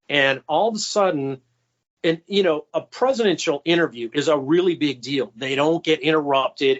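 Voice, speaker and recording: A man guest telling insider stories in an interview, with casual fillers and quoted asides. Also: dull audio. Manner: anecdotal, acts out quoted voices with raised pitch. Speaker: guest, former White House stenographer. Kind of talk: storytelling interview answers.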